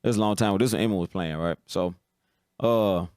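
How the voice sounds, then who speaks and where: A man's voice: sits low, fast talker, a little mellow, clean tone, no room sound, studio quality. A man hosting a live football talk stream, giving blunt opinions in casual commentary and often checking "you understand?".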